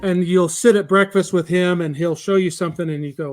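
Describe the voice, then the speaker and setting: High-voiced man hosting a casual podcast. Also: steady tone, a little fast, over music. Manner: chatty, teasing, laughs easily. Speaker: podcast host. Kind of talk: casual chat.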